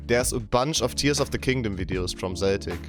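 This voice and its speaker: Low-voiced laid-back male streamer. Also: fairly quick, over music. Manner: keeps voice down, chill and chatty. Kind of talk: casual live-stream chat.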